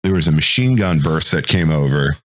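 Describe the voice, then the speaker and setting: A military veteran talking casually on a podcast, telling a war story in a rambling, profane way and acting out what people said. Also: male voice, extremely low pitch, animated, a little fast, fairly bright tone. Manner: acts out quoted voices.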